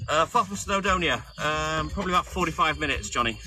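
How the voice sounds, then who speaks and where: Over background music, a man in his fifties from England, a milkman, chats casually on a phone live stream and welcomes viewers by name. He's a fast talker with an expressive, higher-pitched voice.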